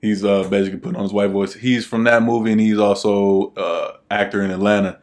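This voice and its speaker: A young man with a fairly low voice co-hosts a podcast, talking in a loose, easygoing way. He rambles and fills gaps with plenty of ums and uhs. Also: level tone, brisk. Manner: laid-back, rambling with many fillers. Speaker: podcast co-host. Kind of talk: casual chat.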